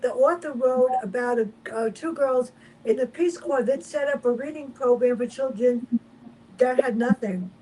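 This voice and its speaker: A woman with a high voice but a mellow, dark tone, hosting the show and briskly announcing the guests coming up. She talks in a chatty way, and a faint noise sits behind her. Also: low-quality recording. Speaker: radio host.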